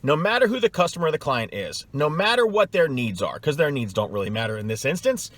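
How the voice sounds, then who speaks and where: Blunt, scornful middle-aged sales coach. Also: male voice, on the high side, sing-song, fast talker, a bit bright, no room sound. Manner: emphatic, scornful, repeats points for effect. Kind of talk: blunt advice vlog.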